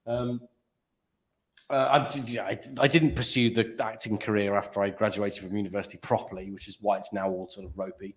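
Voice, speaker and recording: A man in a meeting room, chatting casually about tech in a rambling, playful way full of halting restarts. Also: on the low side, steady tone. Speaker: guest, tech industry worker. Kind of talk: casual chat.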